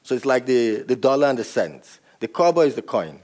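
A man's voice: mid-range voice, sing-song, a little fast, darkish tone. A man from Nigeria, a novelist, answering audience questions at a book event and often laughing as he explains. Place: event room with a live audience.

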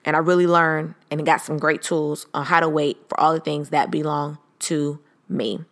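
A woman's voice: low-pitched, steady tone, normal speed. A woman in her thirties hosting a podcast, talking casually and reflectively, sometimes acting out her own inner voice. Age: 30s. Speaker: podcast host. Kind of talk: casual solo podcast talk.

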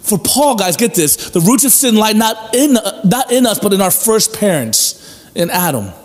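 High-voiced earnest preacher in a reverberant hall. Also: male voice, very animated, normal speed. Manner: earnest, repeats phrases, asks rhetorical questions. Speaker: pastor. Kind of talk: sermon. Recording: long hall reverb with faint music.

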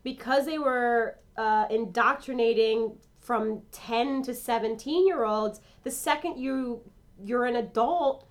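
A woman's voice: fairly high pitch, slow. A young woman co-hosting a casual chat podcast, reacting with jokes and rambling when she turns serious. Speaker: podcast co-host.

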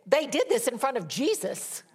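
A woman preaching a sermon and reading scripture dramatically, swinging from loud emphatic peaks down to hushed whispers. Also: high voice, big pitch swings, normal speed, slightly rough.

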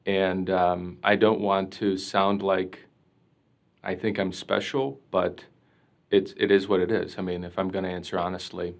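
A man with a somewhat low voice speaks earnestly as a podcast guest, recalling a personal experience. His speech is reflective and heartfelt, peppered with casual "like" fillers and restarts. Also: flat delivery, measured pace, vocal fry. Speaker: priest, interview guest. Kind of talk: personal storytelling in conversation.

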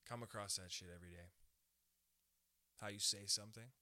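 A male comedian hosting a podcast, riffing in a profane, animated, brash way with a zippy tone. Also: fairly low pitch, brisk, a little hiss or hum. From Canada. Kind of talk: casual rambling monologue.

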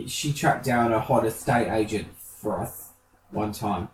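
A man's voice: lowish voice, measured pace, reverberant, distant mic, a little hiss or hum, rough recording. A man co-hosting a podcast, telling camp gossipy stories with plenty of swearing. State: feeling unwell. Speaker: podcast co-host. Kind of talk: casual chat.

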